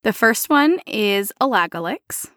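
A woman's voice: mid-range voice, expressive, a little slow, a bit bright, no room sound, clean studio sound. A woman co-hosting a casual podcast, bubbly and jokey, laughing a lot. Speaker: podcast co-host.

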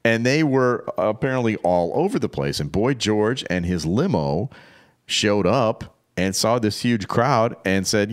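A man's voice: lowish voice, lively intonation, a little slow. A man co-hosting a podcast, telling a story casually and laughing often. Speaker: podcast co-host.

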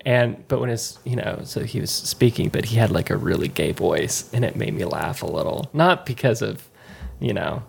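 Gravelly guy podcaster, rambly tangents, keeps restarting sentences. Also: on the low side, lively intonation, moderate pace, slight background noise. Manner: chatty, tangential, self-interrupting. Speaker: podcast co-host. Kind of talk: casual chat.

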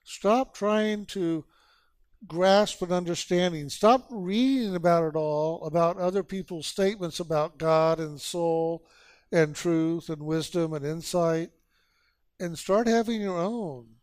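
A man with a fairly high voice delivers a spiritual sermon at a slow, deliberate pace. He urges his listeners with repeated phrases and rhetorical questions. The sound is dry and close. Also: darkish tone, no room sound. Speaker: spiritual teacher.

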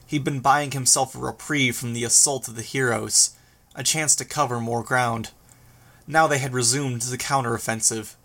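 A man reads a first-person action story aloud in a steady, even manner. His voice sits at an ordinary middle pitch for a man. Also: normal speed. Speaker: audiobook narrator. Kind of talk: first-person audiobook narration.

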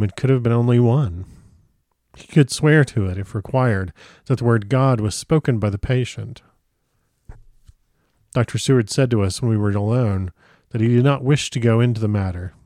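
A man narrating a classic novel in a measured, grave storytelling manner on a close microphone. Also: mid-range voice, dark tone, no room sound. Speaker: audiobook narrator.

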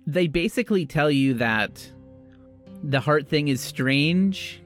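A man's voice: a little high, lively intonation, slow pace, fairly bright tone, faint music behind. A man narrating a tabletop game as game master, in a loose, conversational way.

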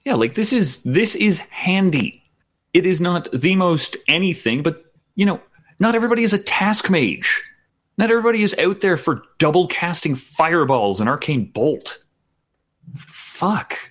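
A man's voice: high-pitched, animated, normal speed, a bit bright. A man co-hosting a podcast, chatting casually and wryly about tabletop game spells, often agreeing and laughing. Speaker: podcast co-host.

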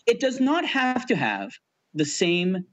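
Male podcast co-host, bantering and joking, lively slightly high voice. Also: takes it slowly, muffled recording. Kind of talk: casual argumentative chat.

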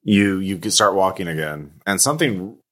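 Deep-voiced man narrating as game master. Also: expressive, moderate pace, a bit bright. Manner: hesitant, with frequent fillers.

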